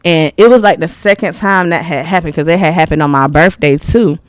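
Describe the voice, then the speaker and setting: A woman's voice: low-pitched, brisk, no room sound. A woman in her thirties, a podcast guest telling stories in a candid, rambling way, laughing often. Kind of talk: casual interview storytelling.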